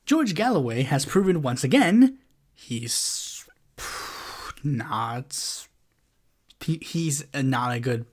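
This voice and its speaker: A man's voice: mid-range voice, lively intonation, takes it slowly, long pauses, breathy edge. A man hosting a political podcast, talking through the news in an exasperated, sarcastic monologue full of fillers. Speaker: podcast host.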